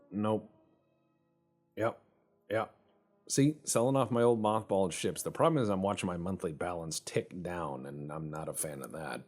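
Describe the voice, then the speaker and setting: A man's voice: sits low, a little mellow, husky. A man hosting a let's play, rambling in casual, profane, joking gameplay commentary.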